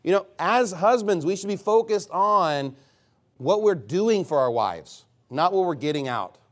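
A man preaching a sermon, reading scripture slowly and then pressing his points with rhetorical questions and repeated phrases. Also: sits high, animated. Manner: reads scripture slowly and deliberately. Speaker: pastor.

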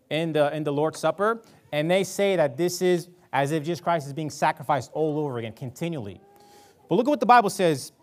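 A man preaching a sermon, reading scripture aloud and commenting on it pointedly. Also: on the high side.

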